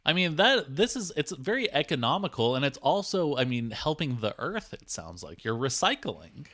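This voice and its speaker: A man's voice: on the high side, very animated, normal speed, bright, forceful tone. A man working as a podcast producer, joking along in a mock-earnest, rambling way. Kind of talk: comedic podcast banter.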